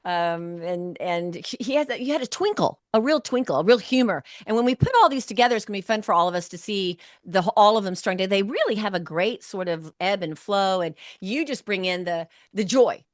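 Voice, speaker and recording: A woman hosting a podcast interview, effusive and gushing, often backing up to restart a sentence. Her pitch sits in a middle range. The sound is dry and close, with no room echo. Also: animated, brisk, hardly any pauses. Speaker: podcast host and producer. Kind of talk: warm enthusiastic interview chat.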